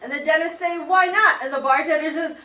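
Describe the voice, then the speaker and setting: A woman with a high voice tells animated improv jokes on a theater stage. She is far from the mic, with roomy echo and loud noise all around. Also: fast talker. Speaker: improv performer. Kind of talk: live improv joke telling.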